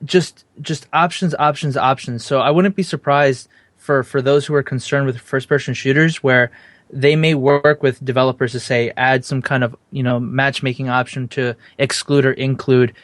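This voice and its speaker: A man talks through his opinions at length in casual podcast chat. His voice sits at a middling pitch. The sound is dry and close, with no room around it. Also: fairly even intonation, normal speed, no echo. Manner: analytical, long explanatory turns. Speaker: podcast co-host.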